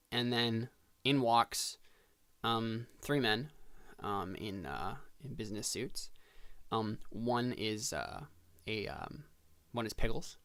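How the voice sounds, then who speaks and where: A man narrating as game master in a tabletop role-playing game, halting and filling pauses as he describes scenes. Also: mid-range voice, fairly bright tone. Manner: halting, full of fillers and restarts.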